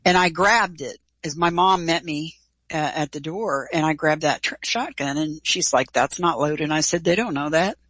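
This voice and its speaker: A middle-aged woman telling a personal story in an interview, animated and casual, acting out quoted dialogue. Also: low-pitched, moderate pace, no echo, poor audio. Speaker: guest.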